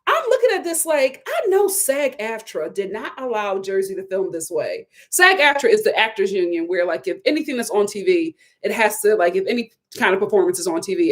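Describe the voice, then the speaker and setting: Animated high-voiced woman recapping reality TV. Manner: animated, incredulous, repeats herself for emphasis. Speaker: reality TV review host. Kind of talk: casual live recap chat.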